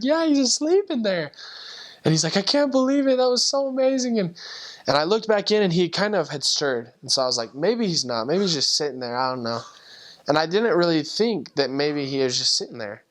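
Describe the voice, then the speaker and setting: A man's voice: mid-range voice, fairly bright tone. Earnest young man telling a testimony. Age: young adult. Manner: earnest, emotional, acts out quoted voices. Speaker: returned missionary. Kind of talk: personal testimony storytelling.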